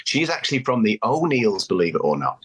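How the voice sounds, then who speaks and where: A man's voice: fairly low pitch, big pitch swings, fairly quick, fairly bright tone, breathy edge. A middle-aged man from Manchester with a Mancunian accent, chatting as a podcast guest and telling stories with easy laughs. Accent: Mancunian English. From Manchester, England. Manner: chatty, storytelling, laughs easily. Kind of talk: casual interview chat.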